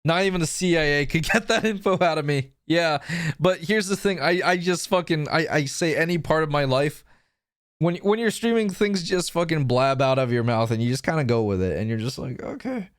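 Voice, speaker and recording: A young man talks loosely on a livestream, rambling from one story to the next and swearing freely as he pokes fun at himself. His voice sits a little higher than most men's. The sound is dry and close, with no room around it. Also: lively intonation, brisk, smooth, dry recording. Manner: rambling, swearing, self-mocking. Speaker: streamer. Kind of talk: casual stream chat.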